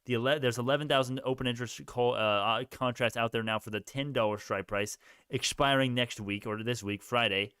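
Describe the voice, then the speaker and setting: Male stock streamer, clear smooth voice, dry close sound, loose and rambling. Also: medium pitch, steady tone, fairly quick, fairly bright tone, no room sound. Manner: rambling, casual, thinking aloud. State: sleepy, yawning. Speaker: stock livestream host. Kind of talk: live stream chat answering viewers.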